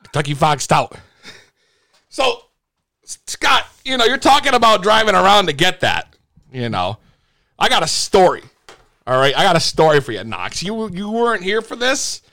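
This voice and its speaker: A man's voice: high voice, big pitch swings, normal speed, long pauses, sharp tone. A man hosting a live stream, telling a long story in a casual way, swearing freely and often restarting his sentences. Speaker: livestream host.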